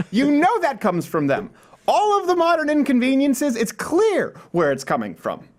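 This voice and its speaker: Lively high-voiced wisecracking male host. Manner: wisecracking, quick to laugh. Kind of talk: comedic news rundown. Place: studio.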